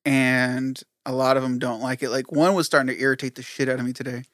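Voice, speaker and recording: A man chatting casually on a podcast, telling stories quickly and animatedly. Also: mid-range voice, dry recording, clean studio sound. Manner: rapid, animated storytelling. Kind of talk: casual chat.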